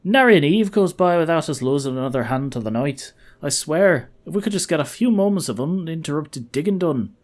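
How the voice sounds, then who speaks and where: A man's voice: on the high side, a little fast, few pauses, voice pushed up, lightly acted. A man voicing an eager old male archaeologist in a put-on Irish accent. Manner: animated, eager, chatty.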